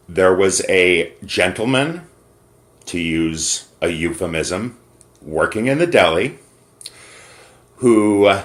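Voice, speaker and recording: An American man making an angry complaint call over the phone, emphatic and pausing to choose his words. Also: deep voice, fairly bright tone. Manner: indignant, emphatic, pauses to pick words. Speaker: caller reporting to corporate. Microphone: phone call recording.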